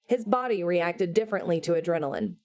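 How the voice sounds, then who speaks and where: A woman reading a novel aloud as audiobook narrator, in a measured, unhurried way. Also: lowish voice, lively intonation, darkish tone. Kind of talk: scripted narration.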